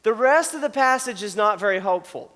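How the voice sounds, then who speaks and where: A man's voice: high voice, expressive, a little fast, a bit bright. A young man giving a casual youth sermon, telling jokey stories and often checking in with his listeners. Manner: storytelling, joking, often checks in with "okay?". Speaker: youth pastor. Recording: long hall reverb.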